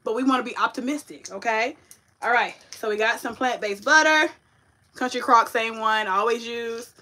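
A woman hosting a cooking livestream from her home kitchen, chatting with viewers in an animated, sassy way. Her voice sits high and sounds bright and forceful. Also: normal speed. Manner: chatty, animated, talks to viewers, sassy Southern-flavored slang. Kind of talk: casual livestream chat while cooking. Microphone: ring light setup.

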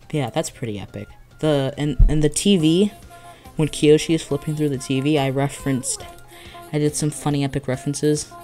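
A video creator with a medium-pitched voice rambles giddily through casual vlog commentary, often restarting sentences. Despite having a headache, they keep a loose, offhand manner. Soft music plays faintly underneath.

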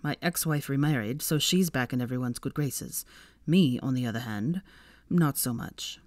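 A woman reading aloud and voicing a smug, teasing young wizard man in a low, quiet drawl. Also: moderate pace, dry recording, clean studio sound.

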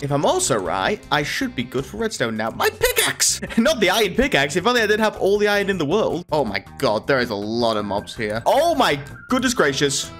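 Man, gameplay commentary, higher voice, pitch jumping all over, self-mocking asides. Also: a bit bright. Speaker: gaming video host.

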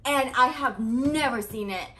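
A woman vlogger gushing over a purse she is unboxing, talking excitedly with lots of fillers and breathless exclamations. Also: high-pitched, unhurried. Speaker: fashion vlogger.

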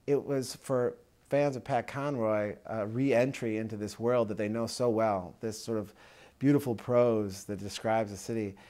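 A man's voice: lowish voice, steady tone, unhurried, dark tone. Male interviewer asking admiring questions. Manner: admiring, with restarts and fillers. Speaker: interviewer, host.

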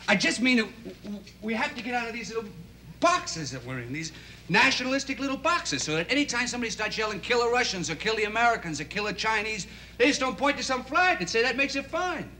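A young actor playing an earnest, idealistic teenage boy in a 1960s TV drama. He talks in a halting, rambling way full of restarts. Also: extremely high pitch, big pitch swings, bright, forceful tone, slight background noise, heavily acted.

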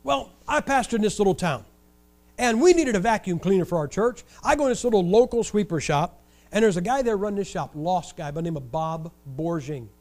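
An older man from Ohio preaching a sermon, telling stories in an animated, joking way with wry sarcasm. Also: high-pitched, fairly quick. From Ohio, USA. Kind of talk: storytelling sermon.

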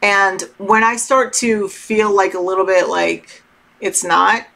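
A middle-aged woman giving casual spiritual advice to her viewers, talking slowly and candidly with many fillers and some swearing. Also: medium pitch, creaky, fairly bright tone. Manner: candid, loose and swears freely; slow, meandering talk with many fillers. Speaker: tarot channel host.

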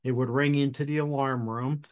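A man hosting a podcast, telling a fire service story in a measured, deliberate way with pauses. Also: medium pitch, fairly even intonation. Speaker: podcast host and fire officer instructor. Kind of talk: storytelling anecdote.

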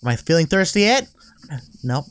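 A man hosting a gaming channel, playing a horror game with excitable, swearing commentary. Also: on the high side, normal speed, clean tone. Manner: excitable, swearing, laughing asides. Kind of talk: let's play commentary.

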